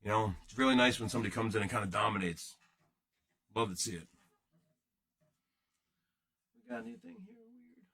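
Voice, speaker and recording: A man's voice: on the low side, wildly swooping pitch, brisk, vocal fry, long pauses, fairly bright tone. A man hosting a card-breaking livestream, rambling and joking casually with his viewers in chat.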